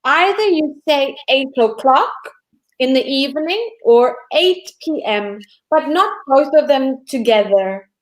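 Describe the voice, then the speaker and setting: High-pitched woman, co-teacher, brief friendly reminders. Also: animated, a little slow, reverberant, low-quality recording. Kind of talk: online class teaching.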